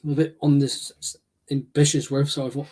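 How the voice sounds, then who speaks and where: A man's voice: mid-range voice, level tone, a little fast, warm tone, breathy edge. A man hosting a podcast, chatting casually, laughing often and reading out comments from the chat. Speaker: podcast host.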